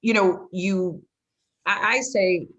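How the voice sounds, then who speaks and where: A woman hosting a sports podcast, telling stories in a lively, chatty way with plenty of "like" and "you know". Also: medium pitch, takes it slowly. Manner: lively storyteller, many "like" and "you know" fillers. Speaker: podcast host and former football coach. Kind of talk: casual interview chat.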